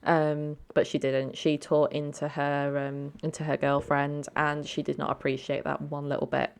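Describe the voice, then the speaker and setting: A woman's voice: sits low, completely flat delivery, moderate pace, gravelly, smooth. A woman hosting a let's play, giving casual, chatty game commentary and talking to her viewers. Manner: chatty, many ums and asides to viewers.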